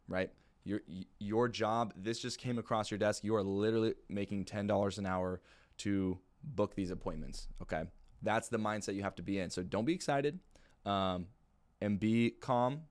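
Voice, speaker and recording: Low-voiced relaxed male sales trainer. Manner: relaxed, plain-spoken, many fillers. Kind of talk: casual training talk.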